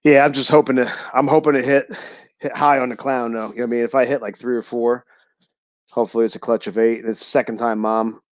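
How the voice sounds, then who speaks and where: A man's voice: mid-range voice, little pitch movement, fast talker, no echo. A man who is a guest on a livestream, chatting in a laid-back way, cursing often and laughing easily. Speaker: guest reptile breeder. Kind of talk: casual chat.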